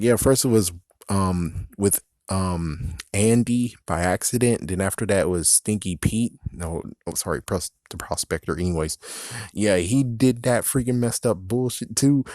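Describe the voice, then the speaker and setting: A man's voice: fairly low pitch, mellow, dry recording, clean studio sound. A man ranting through a movie review, exasperated and swearing constantly.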